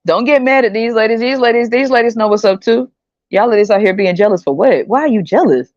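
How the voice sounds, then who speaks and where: A woman's voice: fairly high pitch, fast, a little mellow, dry recording. A woman hosting a podcast, talking bluntly and mockingly with plenty of profanity, in a dull, dry lo-fi recording. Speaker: podcast host. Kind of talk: casual commentary monologue.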